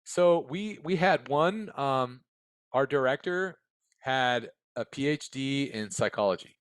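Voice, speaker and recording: Taking it slowly, the man speaks in an animated, medium-pitched voice with a clean tone on a dry recording. He's an American ex-case manager in an interview room, candid and blunt, who habitually adds "right?" and "okay?" to his answers.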